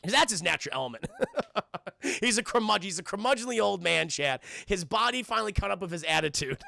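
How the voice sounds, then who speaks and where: A young man on a livestream, recapping a cartoon in a rambling, profane way while talking to his chat. His voice is gravelly with a bright edge. The sound is close and dry. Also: high-pitched, animated, fast, dry recording. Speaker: streamer reviewing a cartoon.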